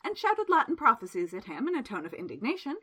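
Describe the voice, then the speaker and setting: Lively female storyteller for audiobook; bright, slightly breathy tone. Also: on the high side, fast. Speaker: narrator. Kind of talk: audiobook narration.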